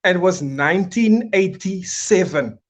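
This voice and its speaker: A man in his thirties hosts a podcast interview in a loose, casual way. His voice sits a little higher than most men's. He gushes openly with praise for his guest. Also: lively intonation, unhurried. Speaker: podcast host and comedian.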